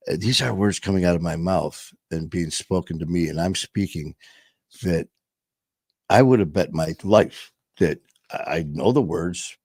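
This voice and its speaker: A man's voice: deep voice, a little mellow, no echo, clean studio sound. A man hosting his own show, talking in a rambling, emphatic way and swearing often as he reflects casually. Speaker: show host.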